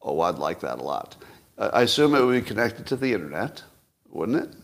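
A man's voice: on the low side, sing-song, a little fast, gravelly. A man in his sixties hosting a solo commentary show, rambling and self-mocking with frequent chuckles. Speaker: podcast host.

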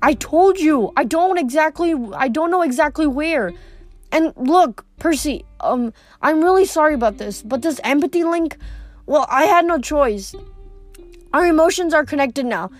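A woman putting on a panicky young male satyr with a high, breathless, pleading voice. He rushes and frets, pitched well above a plain reading voice, with faint music underneath. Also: expressive, no room sound. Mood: wailing. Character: frightened young male satyr in a bridal gown.

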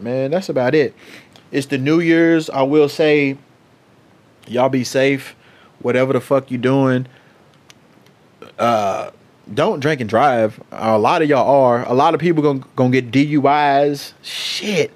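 Profane laid-back podcast host, man. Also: medium pitch. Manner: loose, profane, animated storytelling with quoted asides. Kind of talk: casual solo podcast storytelling.

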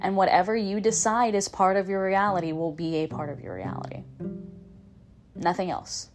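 Talking fairly quickly over music, a woman with a mid-range voice hosts a podcast in a casual, upbeat coaching style. It's a motivational monologue full of repeated and restarted phrases.

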